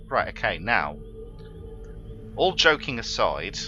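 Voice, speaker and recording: A man's voice: low voice, animated, measured pace, long pauses, sharp tone, dull audio, soft background music. A man commentating his own strategy game run, swearing and prone to exasperated outbursts. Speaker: gaming let's player. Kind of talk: let's play commentary.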